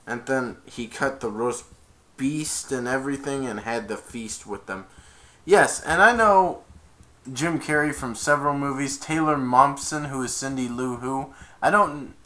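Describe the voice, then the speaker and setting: A man's voice: medium pitch, measured pace, bright, forceful tone. A man giving a casual film review, retelling the plot in a rambling way with many restarts. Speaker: movie reviewer.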